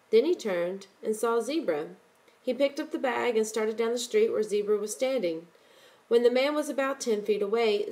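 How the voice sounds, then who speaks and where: A woman narrating a story in a steady, measured audiobook reading. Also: fairly high pitch, rough recording.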